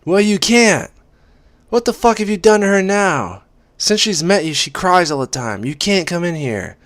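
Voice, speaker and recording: A man voicing a hostile, fiercely protective young woman roommate who yells shrilly. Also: animated, fast, no echo, lightly acted. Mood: furious. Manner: shrill, yelling.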